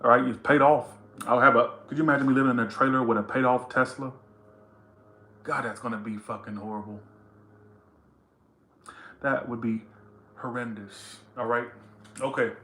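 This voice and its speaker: A male tarot reader talks straight to his viewers in a casual, teasing way. His bright, sharp voice carries blunt, profane remarks. The sound is roomy and echoing. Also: mid-range voice, fairly even intonation, normal speed, pauses often, slight background noise. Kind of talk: casual tarot reading to camera.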